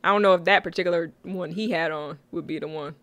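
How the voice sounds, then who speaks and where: A woman's voice: lowish voice, fast, fairly bright tone, no echo. A woman co-hosting a casual chat, talking easily, laughing often and reading out comments from the chat. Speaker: co-host of a sitcom recap stream. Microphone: own mic.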